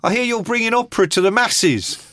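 A man's voice: extremely high pitch, fairly quick, a bit bright, dry recording, clean studio sound, voice pushed up. A man mimicking a cheeky, sneering young punk. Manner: mocking, sneering. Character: cheeky scrawny young male punk, insolent.

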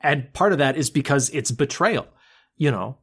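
A man co-hosting a podcast in casual chat, retelling scenes in an animated way and swearing freely. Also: mid-range voice, moderate pace, slightly rough. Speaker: podcast co-host.

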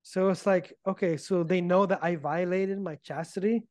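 A man being interviewed, telling his story in a casual, animated way and acting out the arguments he reports. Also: high-pitched, normal speed, dry recording, studio quality. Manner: animated, acts out quoted arguments. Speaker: podcast guest.

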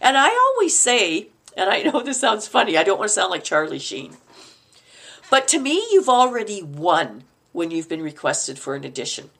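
A middle-aged woman from Canada, a guest telling stories in a casual interview, animated and quick to laugh, acting out the lines she quotes. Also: mid-range voice, breathy edge. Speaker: podcast guest, actor.

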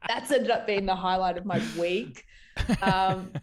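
A woman's voice: mid-range voice, fairly even intonation, measured pace, slight background noise. A woman in casual chat, candid and laughing easily.

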